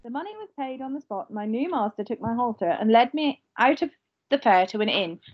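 A woman teacher reading a novel aloud to her pupils, steady, with occasional slips and short asides. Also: fairly high pitch, brisk, muffled recording, noisy background.

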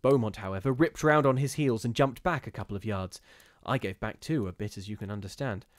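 A man reading a gothic ghost story aloud in a measured, steady storytelling manner with occasional brief restarts. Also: on the low side, no room sound, studio quality. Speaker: reader of ghost stories.

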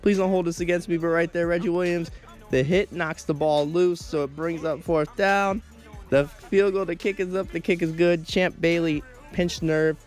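A man's voice: a little high, steady tone, moderate pace. A teenage boy doing play-by-play commentary over his football video game, often tripping over his words and apologizing. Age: teens. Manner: stumbles over words, self-deprecating asides. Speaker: gameplay commentator. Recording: game music in background.

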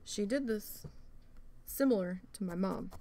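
A woman's voice: mid-range voice, measured pace, dark tone. A woman vlogger casually telling an exasperated story as she crafts, swearing often and restarting her sentences.

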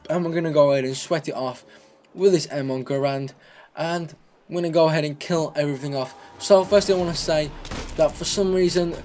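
A man's voice: on the high side, steady tone, brisk, darkish tone. A young man giving casual, rambling gameplay commentary, often repeating words and restarting his sentences. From Britain. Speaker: gaming commentator.

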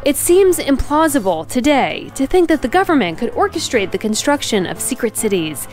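A woman's voice: sits high, big pitch swings, moderate pace, a little mellow, faint music behind. A woman travel vlogger telling a story in a casual, self-mocking way, laughing often and acting out the people she quotes. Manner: quotes people in acted voices.

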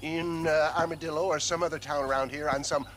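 A man's voice: fairly high pitch, steady tone, brisk, close to an everyday voice. A man playing a florid old con-man showman. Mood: scheming. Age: older. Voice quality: florid, theatrical speech. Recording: game audio under loud gameplay noise.

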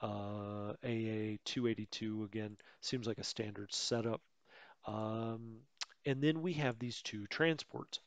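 A man's voice: fairly low pitch, steady tone, slow pace, clear, resonant tone, no echo. Rambling man narrating a war game. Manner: rambling, self-correcting, chatty asides. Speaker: let's play host. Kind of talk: casual gameplay commentary.

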